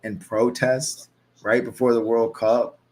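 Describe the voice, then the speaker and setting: A man's voice: medium pitch, flat delivery, darkish tone. A man in his thirties from the United States, hosting a livestream and chatting casually as he reads out viewer comments. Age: 30s. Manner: chatty, reacts to chat in quick asides. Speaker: livestream host. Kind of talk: casual watch-along chat, reading viewer comments.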